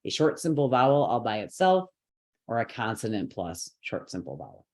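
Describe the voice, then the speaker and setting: A man's voice: fairly low pitch, sing-song, moderate pace, a little mellow. Patient man teaching step by step. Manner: patient, step-by-step explaining, with light laughs. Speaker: yoga and mantra teacher. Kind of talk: online lesson.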